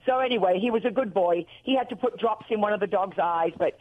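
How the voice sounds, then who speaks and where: A woman from Australia with an Australian accent, calling in and telling rambling, animated stories in casual chat. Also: medium pitch, fast talker, few pauses, highs cut off. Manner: chatty, rambling, animated storytelling. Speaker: caller.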